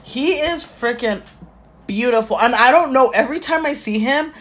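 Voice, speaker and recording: Chatty young woman, casual swearing. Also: moderate pace. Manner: chatty, swearing, drops to a low mutter in asides. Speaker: podcast co-host; store clerk. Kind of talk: casual chat.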